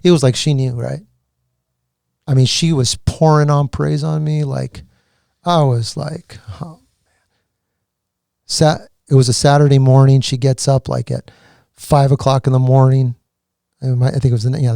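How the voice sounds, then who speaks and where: A man giving an emotional personal testimony as a podcast guest, earnest and halting, with many restarts. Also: medium pitch, a little mellow, no echo, studio quality.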